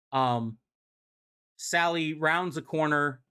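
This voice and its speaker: Speaking unhurriedly in a fairly high, slightly bright voice, a man rambles through a comic series recap on his live stream. He keeps it chatty and profane, leaning on many fillers, and uses a streaming mic.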